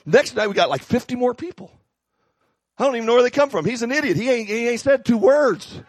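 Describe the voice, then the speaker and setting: A middle-aged man, a pastor, preaching a sermon with animated, humorous storytelling. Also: very high-pitched, fairly quick, no echo.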